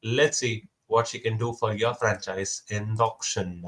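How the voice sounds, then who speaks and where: A man's voice: fairly low pitch, fairly even intonation, fairly bright tone. A young man calling bids in a casual mock auction, repeating prices and counting down before each sale. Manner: repetitive calls and countdowns, brisk.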